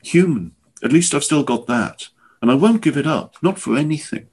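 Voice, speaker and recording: Defiant young man, intense, higher than the reader's own voice; man reading plays him, husky edge. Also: expressive, moderate pace, darkish tone. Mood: wry. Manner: intense, urgent. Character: young man, proud, defiant, quick to anger.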